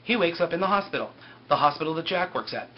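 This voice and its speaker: A man's voice: a little high, animated, fast talker, a little hiss or hum. Flippant man with a lo-fi sound. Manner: flippant, sarcastic, loose "he's like" storytelling. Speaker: TV episode recapper. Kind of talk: casual recap with mocking asides.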